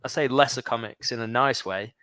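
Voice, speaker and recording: A man's voice: mid-range voice, a little fast, bright, forceful tone, no echo. A male comedian, a guest on the show, telling anecdotes in casual chat and acting out the lines he quotes. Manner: laughs easily, acts out quoted lines.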